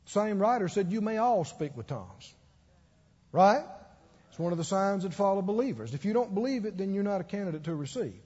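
A man's voice: sits high, big pitch swings, a little fast, darkish tone, breathy edge. A man preaching a sermon, telling stories with acted-out quotes and laughing along. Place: church. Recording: dull echoey church hall.

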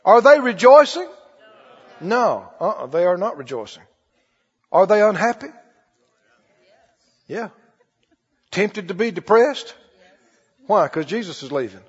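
A man preaching a sermon in an animated way, drawing call-and-response from his congregation. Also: high-pitched, measured pace, pauses often, breathy edge. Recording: dull audio with long hall reverb.

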